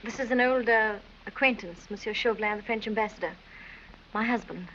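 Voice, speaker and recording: A woman's voice: a little high, a little fast, fairly bright tone, natural voice. An actress playing an exasperated young noblewoman, earnest and impatient, in 1930s film acting. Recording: dull old film soundtrack with hiss.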